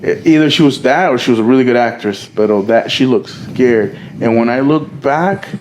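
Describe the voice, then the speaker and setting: A man's voice: medium pitch, moderate pace, a little hiss or hum. A young man co-hosting a podcast, telling a story among friends in a casual, profane, slangy way and acting out the quoted dialogue. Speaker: podcast co-host.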